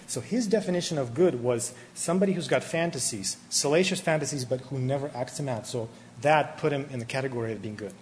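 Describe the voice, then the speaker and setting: A man preaching a sermon, animated and emphatic, often restarting his words. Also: medium pitch, a little fast, hardly any pauses. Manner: animated, rising to emphatic peaks, with many restarts. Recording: hall reverb with faint ambient noise.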